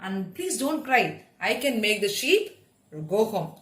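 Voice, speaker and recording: A woman voicing a kindly, helpful little rabbit in a children's story, with a gentle, reassuring manner. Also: a little high, very animated, moderate pace, reverberant.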